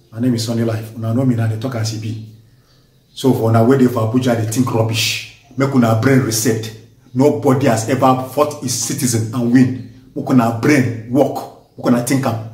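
A man with a Nigerian accent giving impassioned political commentary, forceful and emphatic, hammering points through repetition. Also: medium pitch. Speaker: vlogger. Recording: echoey room, voice distant from mic.

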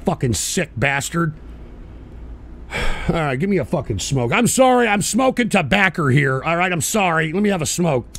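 A middle-aged man hosting a live stream show, reading chat donations with a profane, irritable manner and bursts of shouting. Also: a little high, lively intonation, normal speed, gravelly. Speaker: livestream show host.

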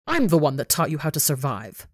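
Reader doing cruel possessive tormentor lady, cold and hissy, flat dry sound. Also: medium pitch, a little fast, no room sound. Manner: cold, contemptuous, hissing. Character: cruel possessive woman haunting a young man.

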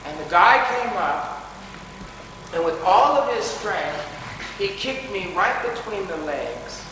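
A man's voice: high voice, sing-song, slow, over music. A man giving a dramatic personal storytelling talk to a school assembly, recorded from far off in a large hall. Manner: dramatic, rises to pleading shouts. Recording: distant echoey hall recording.

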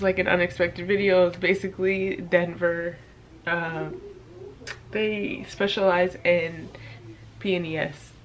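A young woman talking in an emotional diary vlog, rambling and near tears, her voice dropping soft at times. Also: on the low side, highs cut off, slight background noise. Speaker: vlogger.

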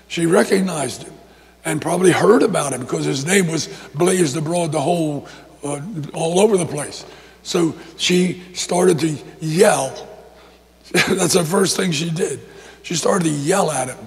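A male pastor preaching a sermon, telling a story with lively repetitions and restarts. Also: a little high, vocal fry, big-room sound.

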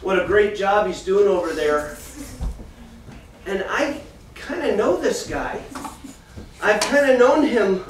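A man teaching a children's church class, reading a Bible passage and then explaining it to the kids in a lively storytelling way. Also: sits high, slow, pauses often. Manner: animated storyteller, reads scripture then talks directly to the kids. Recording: echoey room from far off, faint noise.

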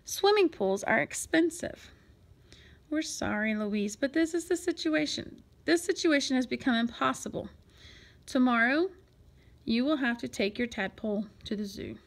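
A woman's voice: high-pitched, expressive, normal speed. A woman voicing firm, sensible parents who speak in a stern, reasoning way, in a storybook read-aloud.

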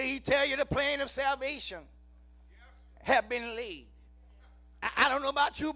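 In a church sanctuary, a man with a Southern US accent preaches a sermon and calls out to the congregation. He shouts some lines, then drops his voice low.

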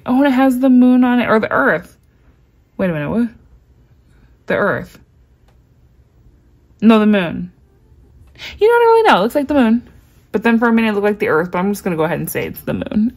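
A woman vlogger unboxing a package in casual chat, gushing with excitement and reading cards aloud slowly. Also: medium pitch, vocal fry.

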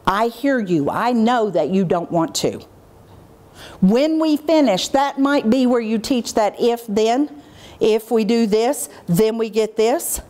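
A middle-aged woman presenting a teacher training workshop, lively, and acting out what she says to children in a lowered, measured voice. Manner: animated, acts out what she says to kids in a dropped, measured voice. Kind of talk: workshop lecture.

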